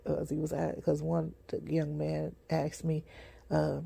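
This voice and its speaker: Sleepy, gravelly, husky street preacher. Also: mid-range voice, completely flat delivery, dark tone. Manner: repetitive, halting, many fillers and restarts. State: sleepy, yawning. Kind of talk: rambling personal testimony.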